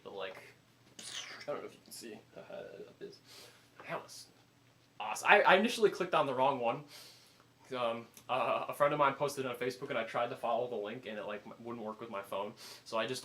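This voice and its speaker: A man giving a casual spoken movie review, animated and full of fillers, acting out his own reactions. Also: mid-range voice, fast.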